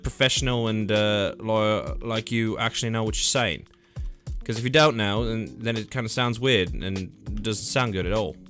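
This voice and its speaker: A man's voice: mid-range voice, fairly bright tone. A young man rambling upbeat, casual chat while he streams himself playing a game. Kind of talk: casual live gameplay chat. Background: faint background music.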